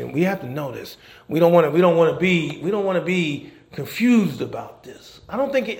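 A man's voice: mid-range voice, creaky. A male pastor and chaplain preaching a conversational sermon in a church, checking in with the congregation with frequent "okay?". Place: church sanctuary. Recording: echoey church room, faint noise.

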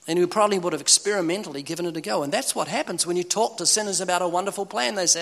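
Urgent high-voiced preacher in a reverberant hall. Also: male voice, fast, gravelly. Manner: urgent, pleading, with dramatic swings in loudness. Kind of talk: sermon.

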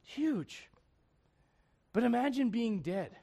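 Pastor, male, high voice, lively preaching with jokes and acted quotes. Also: slow pace, creaky. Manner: animated, humorous, laughing asides, acts out quotes. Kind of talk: sermon.

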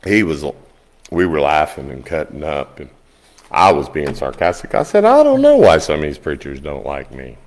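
A man preaching a sermon, telling folksy stories in an animated way. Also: moderate pace. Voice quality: low gravelly voice. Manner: folksy, animated storytelling, rising high when quoting others. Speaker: pastor. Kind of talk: storytelling sermon.

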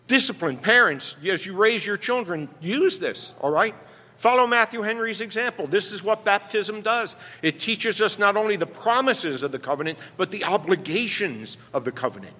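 A man's voice: on the high side, expressive, normal speed, bright, forceful tone. A male pastor preaching a sermon emphatically, often checking in with "right?". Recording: long reverb from a hall.

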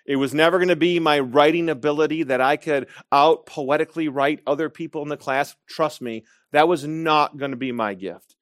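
A man's voice: on the high side, no room sound. A man from Michigan delivers a sermon in a slightly raised voice, drawing out key phrases for emphasis. He moves between personal stories and exhortation. The recording is close and dry. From Michigan, USA. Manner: storytelling, emphatic with slow stressed phrases. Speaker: preacher.

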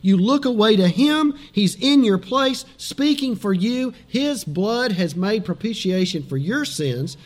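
High-voiced animated male preacher. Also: a little slow, hardly any pauses. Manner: animated, dramatic delivery with sudden soft drops. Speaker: pastor. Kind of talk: sermon.

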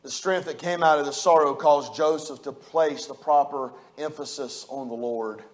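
A man's voice: on the high side, moderate pace. A middle-aged man preaching a sermon, folksy and emphatic, building to fervent peaks. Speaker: pastor.

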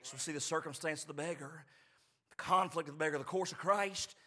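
A man preaching a sermon, swinging from loud, emphatic peaks down to hushed, slow lines, with repeated rhetorical phrases. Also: on the high side. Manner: repetitive, rhetorical phrasing with "I mean".

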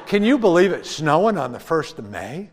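A man voicing his young son, a blunt boy who complains loudly at dinner. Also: fairly high pitch, very animated, normal speed, pitched above the performer's own voice. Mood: complaining.

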